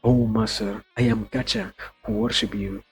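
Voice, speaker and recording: A man's voice: on the low side, fairly even intonation, moderate pace, slightly rough. A man reading as a meek young student. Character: young student pleading from inside his master.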